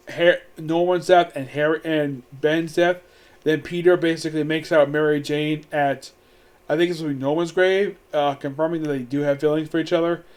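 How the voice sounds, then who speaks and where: Reviewing a film in a rambling, offhand way, a man with a notably high-pitched voice keeps restarting his sentences and peppering them with "like," sounding entertained by what he's describing.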